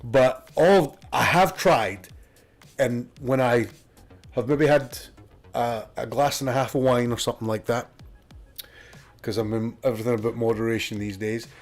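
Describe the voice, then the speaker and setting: A man's voice: medium pitch, normal speed, faint music behind. Chatty Scottish man. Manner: rambling, reads chat aloud. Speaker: streamer. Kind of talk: casual chat with viewers.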